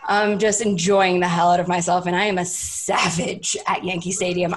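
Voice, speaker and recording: A woman's voice: lowish voice, normal speed, hardly any pauses. A young woman, a podcast guest, telling a long casual story and acting out what people said. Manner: animated, voices herself and others in quotes, lots of "like".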